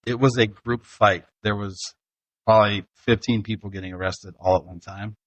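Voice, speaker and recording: A man's voice: fairly low pitch, steady tone, normal speed, dry recording. A middle-aged man hosting a casual family podcast, telling stories and laughing easily. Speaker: host, father.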